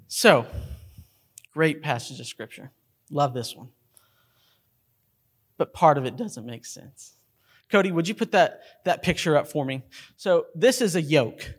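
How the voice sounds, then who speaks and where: A man's voice: measured pace, long pauses, breathy edge. A middle-aged male pastor, preaching a sermon to his congregation and telling stories, acting out characters along the way. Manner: storytelling, acts out movie characters in a high voice. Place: church sanctuary.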